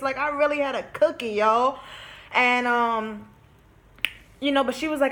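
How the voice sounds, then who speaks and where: Young woman, high pitch, bright tone, casual storytime, chatty, swears freely. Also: fairly even intonation, moderate pace. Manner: chatty and candid, swears freely, peppered with "like" and "you know". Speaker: vlogger.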